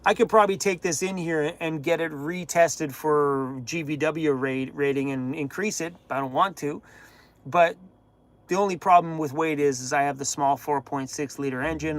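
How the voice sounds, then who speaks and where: A man hosting a live-stream Q&A from inside his camper van, jokey and animated, laughing at his own jokes. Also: a little high, normal speed. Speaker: van-life channel host.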